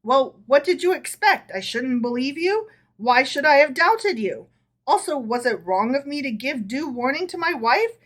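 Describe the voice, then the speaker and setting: A woman's voice: sits high, sing-song, moderate pace, pitched above the performer's own voice. Woman reading as a sly male jester, wry, mischievous, teasing. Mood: mocking.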